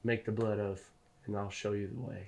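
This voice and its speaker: A man voicing a tall, half-human goblin woman leader who speaks low, quiet and measured. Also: flat delivery, gravelly. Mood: earnest.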